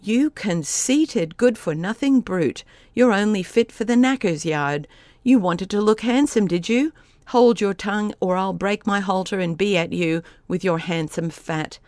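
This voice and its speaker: A gruff, scornful old cab horse, as a woman reads him in a storybook, blunt and scolding at a mid pitch. The voice is close and dry, with no room around it, and the delivery stays plain rather than strongly characterised. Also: unhurried, a little mellow, dry recording, lightly acted. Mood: angry. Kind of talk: audiobook character voice.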